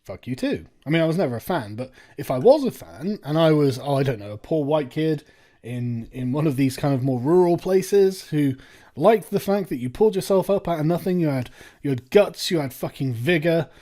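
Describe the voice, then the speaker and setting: Sarcastic man ranting with a lively voice. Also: fairly high pitch, normal speed. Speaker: commentary video host. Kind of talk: reaction commentary.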